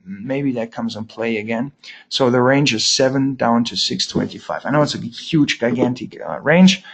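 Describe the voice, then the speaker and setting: A man's voice: mid-range voice, slightly rough. A man giving a weekly market update as a trading educator, with dry, sarcastic asides and many fillers. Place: lives in Germany.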